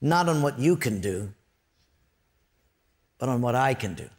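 A man voicing God as a calm, reassuring presence. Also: natural voice. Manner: slow, soft, low. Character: calm deep divine male voice, reassuring.

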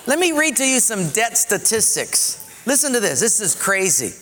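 A man's voice: high voice, big pitch swings, moderate pace, sharp tone, in a large hall, slight background noise. A man preaching a sermon, telling a story animatedly and acting out the voices.

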